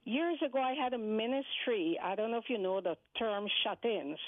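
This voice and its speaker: A woman with a Guyanese accent calling in to a radio show, polite and soft-spoken. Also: a little high, moderate pace, no echo. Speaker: caller. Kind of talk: call-in radio conversation. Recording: tinny phone line.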